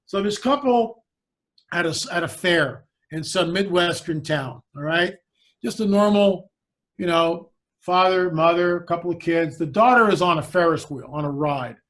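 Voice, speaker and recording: This high-voiced man, a guest in the conversation, narrates a story at a moderate pace. He keeps it animated, voicing the quoted words of each person in the tale.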